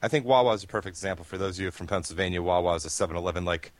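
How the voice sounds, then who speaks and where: Low-voiced man chatting on a podcast. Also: steady tone, racing, no echo. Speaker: podcast co-host. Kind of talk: casual chat.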